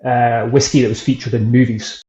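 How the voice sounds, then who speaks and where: A man's voice: medium pitch, level tone, a little fast, mellow. A man from Scotland with an Edinburgh accent, a guest chatting casually in an interview and telling stories with frequent laughs. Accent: Edinburgh Scottish. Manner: chatty storyteller, laughs often. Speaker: guest, whisky author. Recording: echoey room, dull lo-fi sound.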